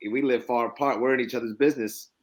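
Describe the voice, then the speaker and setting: A man's voice: medium pitch, steady tone, quick pace. A middle-aged man in a casual podcast conversation, telling stories reflectively with many restarts.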